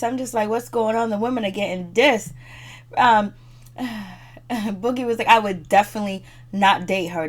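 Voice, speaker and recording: A woman casually recapping a reality TV episode, chatty and slangy, laughing often as she talks. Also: mid-range voice. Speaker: show reviewer.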